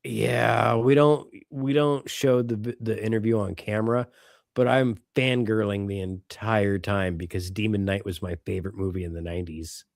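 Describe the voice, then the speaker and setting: A middle-aged man co-hosting a podcast in casual chat, animated and quick to swear and laugh. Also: lowish voice, creaky, no room sound, clean studio sound. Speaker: podcast co-host.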